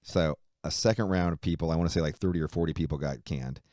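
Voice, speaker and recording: A man's voice: rumbling low, quick pace, dry recording. A middle-aged man, a musician, telling a story in a casual interview with lots of swearing and fillers. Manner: profane, animated retelling with frequent fillers. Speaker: musician guest.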